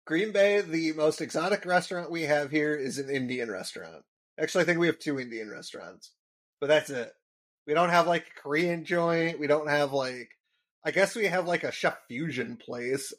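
A man's voice: on the high side, normal speed, fairly bright tone. A man from Wisconsin co-hosting a podcast in casual chat, retelling scenes and acting out the lines. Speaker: podcast co-host.

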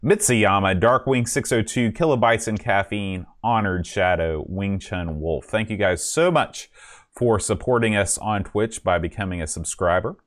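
Rambling, self-mocking male podcast host. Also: normal speed. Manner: rambling and self-mocking, sings patron names in a high put-on voice. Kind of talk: casual podcast chat, singing a list of names.

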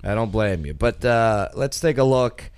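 A man hosting a casual reaction video, laughing a lot and asking quick questions. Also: fairly low pitch, animated, darkish tone, clear, resonant tone, dry recording. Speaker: host of a reaction show.

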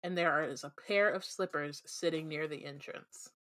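A woman reads a storybook aloud on a casual podcast, filling the pauses with ums and laughing easily. Her voice is bright and forceful, with a somewhat low pitch. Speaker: podcast co-host reading a book aloud. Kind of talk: casual book chat with read-aloud.

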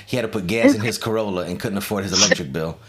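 A man's voice: on the low side, very fast, a loud crowd. A man hosting a casual chat, swearing often and laughing through his stories. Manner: profane, laughing storyteller. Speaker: host.

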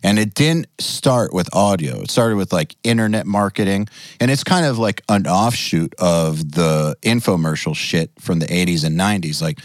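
A man hosting a casual podcast chat as an online educator, relaxed and opinionated, swearing casually. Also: low voice, a little slow, no room sound, studio quality.

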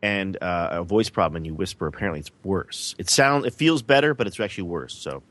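A man's voice: deep voice, animated, brisk, fairly bright tone. A man hosting a podcast in casual chat, with wry, self-mocking banter. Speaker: podcast host.

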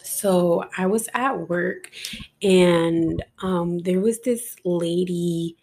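A young woman hosts a casual spiritual podcast, her fairly low voice gravelly, husky, and a little mellow, moving very slowly. She rambles along with lots of "like" and "um" and some swearing.

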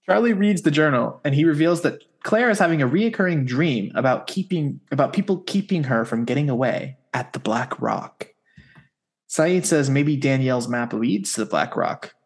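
Gravelly man recapping with wry asides. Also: a little high, expressive, moderate pace. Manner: wry, sarcastic asides while summarizing. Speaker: podcast co-host recapping a TV episode. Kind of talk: casual chat recap.

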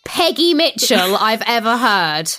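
A woman's voice: on the high side, very animated, a little slow, bright, forceful tone. A woman co-hosting a podcast, chatting and reacting expressively. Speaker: podcast co-host. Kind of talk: casual chat.

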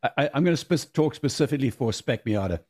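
A man's voice: mid-range voice, lively intonation, quick pace, a little mellow. A man speaking as a guest on a video-call podcast, giving firm, emphatic opinions in casual chat. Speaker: guest, race car driver.

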